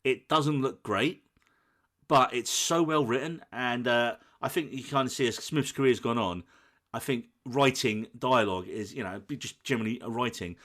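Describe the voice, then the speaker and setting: A man co-hosting a film podcast, telling a scene with lively, acted-out quotes. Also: mid-range voice, normal speed. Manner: animated storytelling, acts out quoted lines. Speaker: podcast co-host. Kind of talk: casual film chat.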